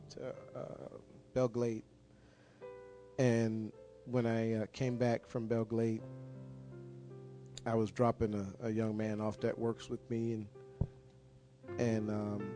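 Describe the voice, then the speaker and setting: Earnest pastor praying over guitar. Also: male voice, lowish voice, mellow. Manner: earnest, repetitive, halting with restarts. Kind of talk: prayer and sermon storytelling.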